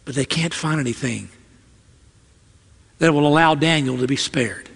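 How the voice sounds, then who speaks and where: A man's voice: a little high, moderate pace, vocal fry, a bit bright, breathy edge, big-room sound. A male preacher delivering a sermon in a dramatic, emphatic storytelling style, often repeating lines for effect.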